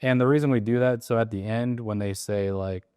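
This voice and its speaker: A man's voice: mid-range voice, fairly even intonation, a little fast, dark tone, smooth, dry recording, studio quality. A man coaching on a sales process in casual chat, acting out lines from seller phone calls as he explains. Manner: acts out sales call lines in quotes. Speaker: real estate wholesaling coach.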